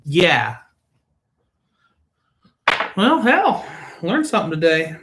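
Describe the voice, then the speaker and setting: A man's voice: high-pitched, huge pitch swings, slow pace, background noise. A man hosting a casual drink-tasting chat, joking and swearing freely. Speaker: host.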